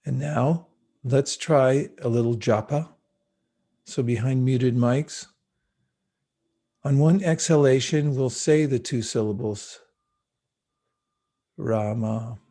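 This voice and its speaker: Guy guiding a meditation on a video call, mellow warm voice, slow calm instructions. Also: mid-range voice. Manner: calm, unhurried, gently instructive. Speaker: meditation teacher.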